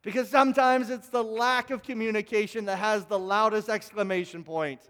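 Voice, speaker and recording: A man with a strikingly high voice preaches a sermon, telling animated stories and acting out both sides of conversations. He often stammers and repeats words as he goes. His voice rings with the long reverb of a large hall. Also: normal speed. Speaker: pastor.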